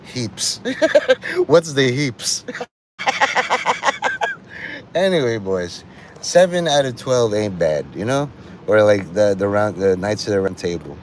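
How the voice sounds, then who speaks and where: A man's voice: lowish voice, expressive, measured pace, pauses often, darkish tone, slight background noise. A man hosting a livestream, rambling and profane, often laughing at his own jokes. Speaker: livestream host.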